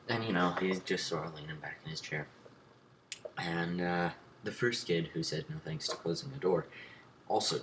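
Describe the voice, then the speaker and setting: A man's voice: deep voice, background noise. A young man, a student vlogger, casually retelling a classroom story and acting out the voices of the people in it.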